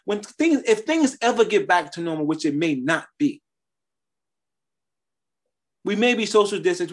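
A man preaching a sermon, sharing his testimony in a conversational style with emphatic rises. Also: sits high.

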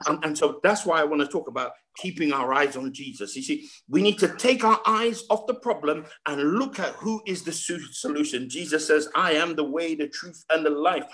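Guy preaching on a video call, bit high-voiced, says and and and a lot, keeps asking are you with me. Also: fairly bright tone. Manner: repeats words, builds emphasis, asks the congregation questions. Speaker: pastor. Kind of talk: sermon over a video call.

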